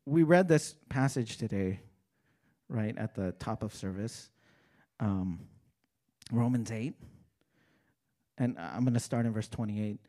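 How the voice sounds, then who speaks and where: Animated conversational male preacher. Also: fairly low pitch, slow, pauses often. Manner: animated, swinging from loud excited questions to quiet earnest lines; casual preaching with rhetorical questions and "right?". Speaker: pastor. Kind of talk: conversational sermon.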